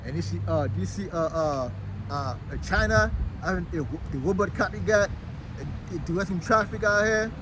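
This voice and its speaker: A man backing up a street preacher outdoors, chiming in with agreement and stumbling over "uh" as he finds his words. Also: sits high. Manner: backs the preacher with "that's right" and "mm-hmm", halting with "uh". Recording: noisy outdoor street recording.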